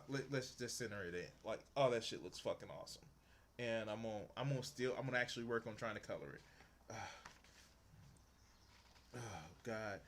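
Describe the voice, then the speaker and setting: A man's voice: medium pitch, fairly bright tone, slight background noise. A young man streaming as he draws, reacting to a video with profane, exasperated ranting. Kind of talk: casual reaction commentary.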